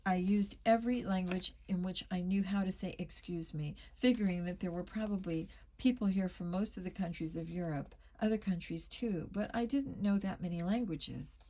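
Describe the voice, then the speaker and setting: A woman's voice: lowish voice, normal speed, hardly any pauses, a little mellow, poor audio. A woman reading a teen mystery novel aloud as a first-person narrator, shading the dialogue with small voice changes. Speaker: audiobook reader. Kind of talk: amateur audiobook narration.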